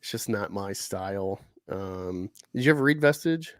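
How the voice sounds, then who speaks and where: A man with a lowish voice chats loosely on a live stream, full of "like" and "you know" as he wanders between thoughts. The sound is dry and close, with no room around it. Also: lively intonation, normal speed, a bit bright, dry recording. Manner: rambling, lots of fillers and restarts. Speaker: streamer host. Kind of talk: casual chat on a live stream.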